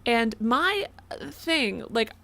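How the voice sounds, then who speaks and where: A woman's voice: fairly high pitch, sing-song, slow, vocal fry, pushed and bright. A young woman streaming a game, chatting casually, giggling, reading donations aloud and yelping when startled. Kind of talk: casual live gameplay commentary.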